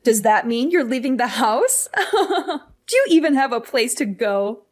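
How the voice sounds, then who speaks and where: A woman's voice: a little high, animated, normal speed. A woman voicing a scolding guilt-tripping mother. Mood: mocking. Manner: scolding, condescending, self-pitying. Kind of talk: scripted story drama.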